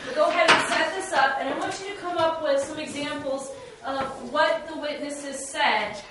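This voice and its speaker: High-voiced woman teacher, far off in an echoey room. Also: moderate pace. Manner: directing students through a role-play. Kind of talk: classroom instruction. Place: classroom. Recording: very echoey, distant and noisy classroom recording.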